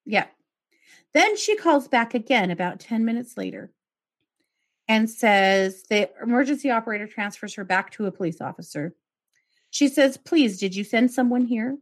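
A woman's voice: a little high, big pitch swings, moderate pace, long pauses. A woman hosting a podcast, retelling a true crime case and acting out the quoted calls with outraged asides. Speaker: podcast host.

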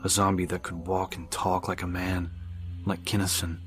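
A man narrating an audiobook in a steady, measured reading. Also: deep voice, soft background music.

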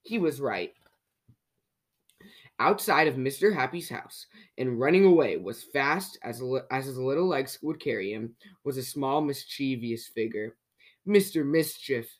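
Kids' podcast host reading a storybook out loud, lively, keeps asking the listener questions. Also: medium pitch, unhurried. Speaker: children's story reader. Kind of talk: reading a picture book aloud to children.

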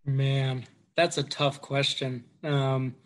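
Brief: male guest agent, casual chat, middle pitch, hesitant, thinks out loud. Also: level tone, takes it slowly.

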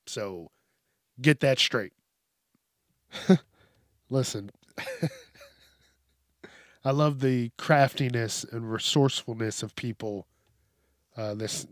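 A man's voice: medium pitch, no room sound, studio quality. A man hosting a news commentary show, ranting in a profane, mocking way about news stories. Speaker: host.

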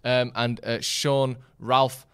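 A man's voice: medium pitch, flat delivery, slow, fairly bright tone, smooth. A man hosting a casual football podcast, reading out viewer comments and chatting in a jokey way. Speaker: podcast host.

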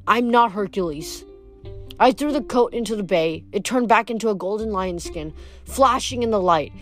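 A woman reading a novel aloud, steady and expressive. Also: medium pitch, moderate pace, soft background music. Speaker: reader. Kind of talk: audiobook narration.

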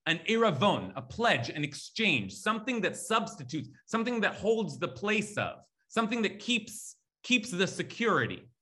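A man's voice: sits high, sing-song, moderate pace, hardly any pauses, sharp tone. A man teaching a lecture on scripture, emphatic and repetitive, reading Hebrew words aloud and correcting himself as he goes. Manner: emphatic, repeats key words, reads Hebrew terms aloud; thinks aloud with fillers and self-corrections. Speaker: Torah teacher. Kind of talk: animated biblical lecture.

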